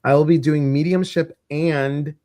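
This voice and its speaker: A man's voice: on the high side, fairly even intonation, unhurried, dark tone, dry recording, studio quality. Chatty Midwestern man hosting a live stream. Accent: Midwestern American. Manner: chatty, rambling, many fillers. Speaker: host. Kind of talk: casual live-stream chat.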